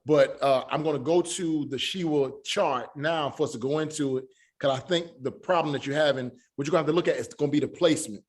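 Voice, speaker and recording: Male online teacher: halting delivery, many fillers, slow syllable drills. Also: on the high side. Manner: spells out sounds slowly. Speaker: Hebrew teacher.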